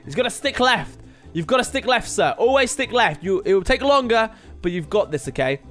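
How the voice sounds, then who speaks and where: A man's voice: high voice, lively intonation, brisk, a bit bright, soft background music. A young man chatting casually as he plays through a game, rambling and laughing at himself. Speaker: gaming video host. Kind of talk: casual let's-play commentary.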